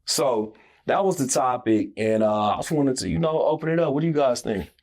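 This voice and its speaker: A man's voice: medium pitch, lively intonation, fairly quick, darkish tone. A man hosting a casual faith discussion, talking in an easygoing way with everyday examples.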